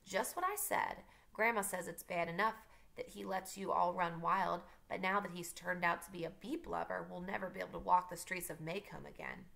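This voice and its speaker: A woman reading aloud plays a smug young boy cousin who needles his relatives with sly taunts. His voice sits fairly low, with a gravelly edge. It is bright and forceful. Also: fairly even intonation, moderate pace, few pauses. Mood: sneering.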